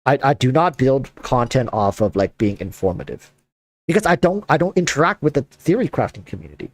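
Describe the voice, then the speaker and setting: A man hosting a casual chat, talking in an animated, rambling way with lots of fillers. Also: mid-range voice, fairly quick, no echo. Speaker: content creator and host.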